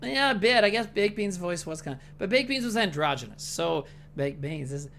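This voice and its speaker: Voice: mid-range voice, lively intonation, normal speed, gravelly, fairly bright tone, slight background noise. A podcast co-host in casual movie chat, rambling and profane with lots of fillers and jokes.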